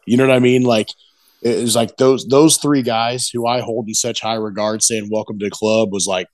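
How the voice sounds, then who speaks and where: With a somewhat low voice and a moderate pace, a middle-aged man who competes as a barbecue pitmaster rambles through an eager story in an informal interview. He frequently drops "you know what I mean," and there's no echo.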